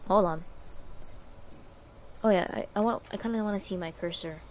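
A woman's voice: medium pitch, moderate pace, darkish tone, a little hiss or hum. A young woman streaming a horror game, swearing freely, rambling and gasping at scares. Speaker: gaming streamer. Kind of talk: horror game playthrough commentary.

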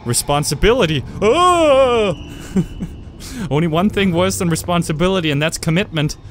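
Playing a horror game, a young gamer narrates his let's play, yelling and cursing when startled and cracking jokes to himself. He talks fairly quickly in a voice on the high side, with clear game music and sounds beneath and a little hiss or hum.

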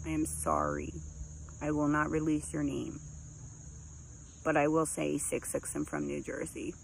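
Low gravelly woman telling a crude story. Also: a little slow, slight background noise, low-quality recording. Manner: animated, crude, comic storytelling. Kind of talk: casual storytime monologue. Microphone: phone.

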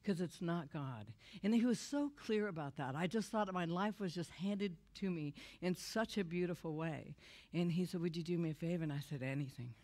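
A woman's voice: fairly low pitch, lively intonation, moderate pace, darkish tone. A middle-aged woman giving a confessional testimony in a church, telling her story with emotion and laughter. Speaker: guest speaker. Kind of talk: testimony sermon.

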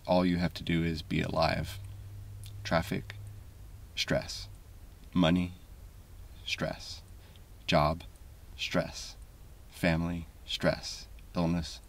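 A man with a very low, gravelly voice reads a scripted essay in a calm, even, measured way. His tone stays flat and husky, and he sounds a little far from the mic. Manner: calm, measured, deliberate delivery. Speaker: video essay narrator. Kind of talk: scripted voice-over narration.

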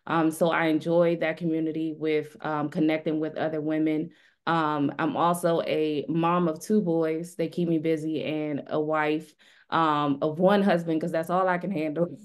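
A woman with a strikingly low voice introduces herself at a panel. She speaks earnestly and encouragingly. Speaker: panelist, community founder.

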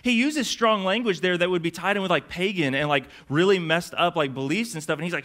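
A man's voice: high voice, fairly quick, few pauses, a bit bright. A young adult man preaching a sermon as pastor, in a casual, conversational way with lots of fillers.

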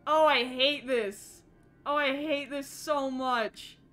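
A woman's voice: high voice, steady tone, takes it slowly, a bit bright, soft background music. A young woman streaming a horror game live, jittery and self-deprecating, chatting with her viewers. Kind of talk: casual live gameplay commentary.

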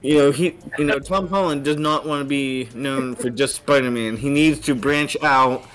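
A man co-hosting a casual gaming talk show, talking in halting bursts with repeated words and restarts. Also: medium pitch, steady tone, a bit bright. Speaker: podcast co-host. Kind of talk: casual chat.

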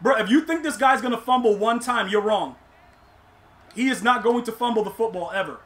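Man, young adult, gaming streamer, high pitched, exasperated live commentary. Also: fairly quick. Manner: exasperated, talks to himself and chat; shouts in disbelief at plays.

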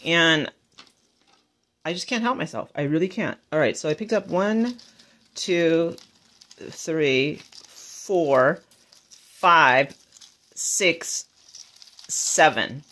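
A woman's voice: low voice, drawn-out words, long pauses, a bit bright. A woman vlogger chatting casually and gushing as she shows off her shopping haul. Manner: bubbly, chatty, gushing over finds. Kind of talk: casual haul vlog chat.

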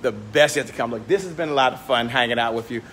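A man hosts a casual livestream vlog, walking outside near a hotel and talking into a phone he holds in his hand. His mid-range voice comes quickly and a bit brightly, upbeat and motivational, and he is slightly out of breath. There is slight background noise.

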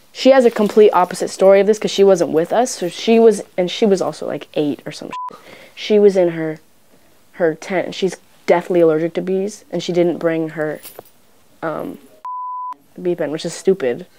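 Low-voiced young woman, rambling story. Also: slight background noise. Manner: rambling, filler-heavy, swears freely; rushes and slows in bursts, gets loud in tense parts. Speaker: celebrity telling a childhood story. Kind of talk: casual anecdote.

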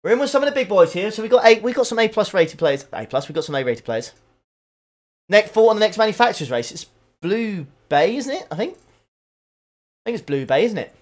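A young man streams a racing game from home into a desk USB condenser mic, chatting away and reading out and answering chat messages while he drives. His voice is high and sing-song, and he talks fast.

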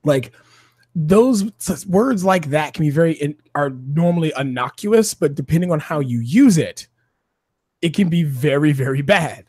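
A man with a voice that sits a little higher than most men's chats casually on a panel. He talks animatedly, punctuating his points with asides. The sound is close and dry, with no room around it. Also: moderate pace, slightly rough, no room sound. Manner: animated, says "dude" and "by the way" often. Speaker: podcast co-host.

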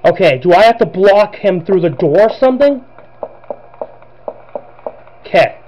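A man's voice: high-pitched, expressive, unhurried, darkish tone, dull audio. A man giving chatty let's-play commentary, who laughs a lot and apologizes for his own voices. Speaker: gameplay commentator.

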